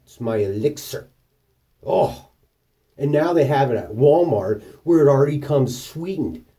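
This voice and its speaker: A man's voice: mid-range voice, unhurried, recorded from a distance. A man casually vlogging, telling rambling, profane stories about his week and acting out the people in them. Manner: profane, rambling anecdotes with animated quoted voices. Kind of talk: casual storytelling monologue.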